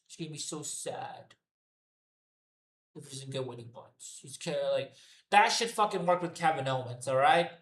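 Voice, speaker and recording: Male reviewer, slightly high voice, profane fed-up ranter, echoey room. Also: fairly bright tone. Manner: profane, exasperated ranting. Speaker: wrestling show reviewer. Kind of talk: unscripted solo rant review.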